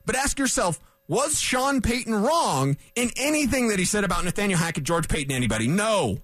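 A fairly quick, very animated male voice, pitched high with a fairly bright tone and no room sound. He's a sports radio host in a studio, combative and emphatic, repeating points to hammer them in during a heated rant.

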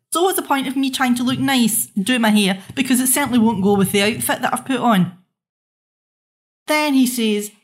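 Exasperated Scottish mother ranting. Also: a little high. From Scotland. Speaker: mother telling her story. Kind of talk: monologue.

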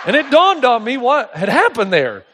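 A middle-aged male pastor preaching a sermon, telling stories in an animated way and acting out the voices of people in them. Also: extremely high pitch, normal speed, very noisy. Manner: animated storytelling, acts out voices in anecdotes.

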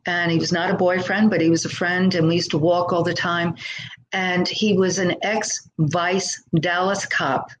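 A woman's voice: lowish voice, a little hiss or hum, rough recording. Woman telling her story earnestly. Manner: earnest, reflective, acts out quoted voices. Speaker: podcast guest. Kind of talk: conversational storytelling.

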